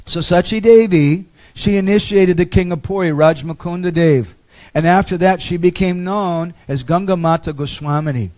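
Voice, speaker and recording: A man's voice: high-pitched, moderate pace, darkish tone. A man giving a storytelling lecture on a pilgrimage, with humorous asides.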